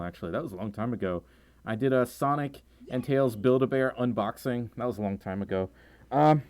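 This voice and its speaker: A man hosting a casual livestream, excitable and giggly, breaking into sudden high squeals. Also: normal speed. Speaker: livestream host.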